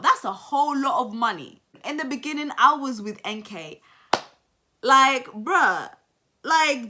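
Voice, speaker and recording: Young woman, vlogger, casual reaction commentary, emphatic, bright tense voice, slightly high. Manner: animated, emphatic, repeats phrases for effect.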